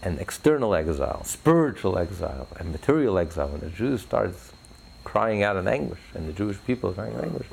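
Gravelly fervent male preacher. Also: sits low, very animated, fairly quick, a little mellow, a little hiss or hum. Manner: fervent, builds to rising emphatic peaks. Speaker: religious speaker. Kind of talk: impassioned religious talk.

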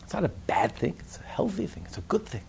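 Gravelly, animated man teaching Torah. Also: sits high, quick pace, slight background noise. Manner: emphatic, repetitive, rhetorical questions. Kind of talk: religious text class.

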